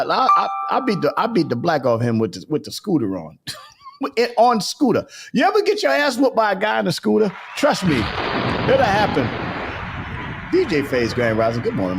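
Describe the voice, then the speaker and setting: A man hosting a casual live show, chatting and bursting into loud, laughing rants. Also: a little high, sing-song, normal speed, noisy background. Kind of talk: casual live-stream chat.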